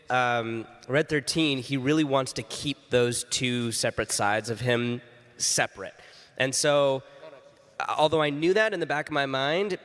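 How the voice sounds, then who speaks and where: Man, panel voice actor, thoughtful and measured, smooth resonant voice, hall reverb. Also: medium pitch, a bit bright.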